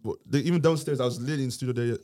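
A young man with an Irish accent, a rapper chatting casually on a podcast in a slangy, animated way. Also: medium pitch. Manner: slangy, animated, quick-talking. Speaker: rapper guest.

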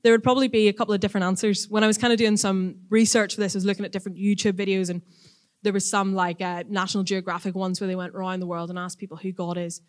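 A woman teaching a church audience in a casual, chatty sermon, lively and quick to act out voices when retelling stories. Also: mid-range voice.

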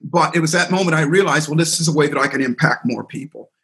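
A middle-aged man with a fairly high voice, a guest on a podcast, telling a story about his work. He acts out the voices of the people he quotes. He speaks in a lively, animated way. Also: fast, gravelly. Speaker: guest, seminar speaker and coach.

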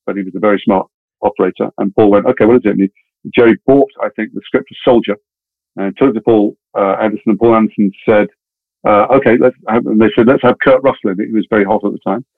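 A man tells his story at a rapid clip and jumps into lively quoted voices of the people in it. His voice is mid-pitched, and the sound is dry and narrow like a phone line, with no room around it. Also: no echo. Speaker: actor telling stories. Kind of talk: casual anecdote in a podcast interview. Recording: tinny phone-like audio.

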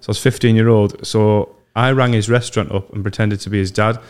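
A young man hosting a casual podcast, telling animated stories and mimicking voices. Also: lowish voice, brisk, smooth. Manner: animated storyteller, mimics voices in his anecdotes. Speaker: podcast host. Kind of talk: casual chat, storytelling.

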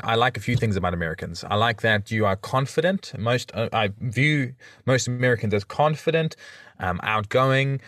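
Chatty South African man, low voice. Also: a bit bright, no room sound, studio quality. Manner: chatty, stammers on restarts. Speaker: podcast guest. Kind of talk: casual interview chat.

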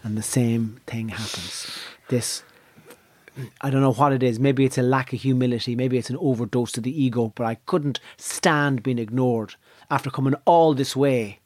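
A man with a West of Ireland accent, a stand-up comedian telling a casual, profane anecdote, swinging from low mutters to high excited bursts. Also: moderate pace, no echo. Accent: Irish, West of Ireland.

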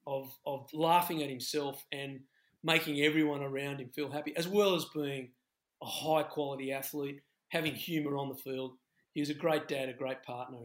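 A middle-aged Australian man, a former rugby head coach, talking in a halting, reflective way on a podcast. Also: fairly high pitch, fairly bright tone. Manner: halting, many restarts, reflective. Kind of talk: podcast discussion.

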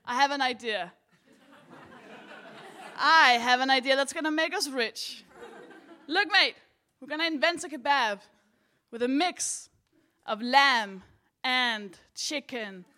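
An overconfident, cheerful drunk teenage boy who keeps pressing his point with eager insistence, as a woman puts him on. His voice sits high and carries a bright edge. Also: takes it slowly, long pauses, exaggerated voice. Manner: eager, insistent pitching of an idea.

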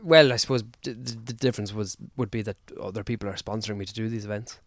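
A man's voice: fairly low pitch, quick pace, dry recording. A man, a guest on a casual podcast, talking in a hesitant, self-deprecating way and often repeating himself. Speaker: podcast guest, endurance athlete.

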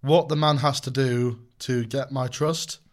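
Young male co-host, rambling and jokey, mid-pitched, easygoing banter. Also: fairly even intonation, measured pace. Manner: jokey, rambling with many ums and restarts. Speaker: podcast co-host. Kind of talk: casual chat.

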